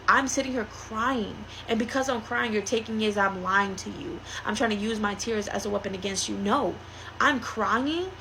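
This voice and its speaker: A woman's voice: on the high side, gravelly, a bit bright, a little hiss or hum. A woman giving a blunt, heated monologue to her viewers, speaking her mind. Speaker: vlogger. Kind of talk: opinionated monologue to camera.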